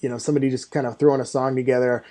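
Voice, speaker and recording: A man's voice: mid-range voice, flat delivery, rapid-fire, warm tone. A man hosting an interview, easygoing and affirming in a chatty way. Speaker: podcast host. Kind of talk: casual interview chat.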